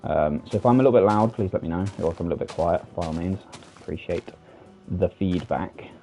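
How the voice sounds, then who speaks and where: Deep-voiced British man chatting while gaming. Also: fairly quick, mellow, soft background music. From United Kingdom. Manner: chatty, self-deprecating, rambling with frequent fillers. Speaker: streamer. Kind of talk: casual gameplay commentary. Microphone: desk microphone for streaming.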